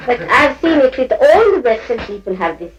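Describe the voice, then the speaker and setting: A woman's voice: a little high, sing-song, brisk, muffled recording, slight background noise. An older woman teaching at a spiritual gathering, scolding her listeners playfully and often breaking into laughter as she mimics them.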